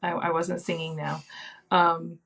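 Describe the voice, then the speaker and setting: A woman in her thirties, a podcast guest telling a personal story in a soft, reflective way with frequent ums and likes. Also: lowish voice, level tone, a little slow, gravelly. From Australia.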